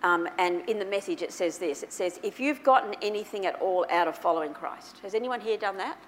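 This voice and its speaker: A woman preaching a sermon to her church, telling a personal story with big swings between soft, quiet passages and loud, excited ones. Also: mid-range voice, a little fast, a little hiss or hum. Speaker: pastor.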